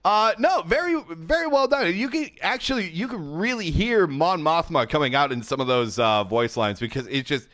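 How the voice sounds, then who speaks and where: A man hosting a casual game commentary video from his home setup, talking into a headset mic in a chatty, excitable way, often laughing and filling pauses. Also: fairly high pitch. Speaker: gaming YouTube host. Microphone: gaming headset.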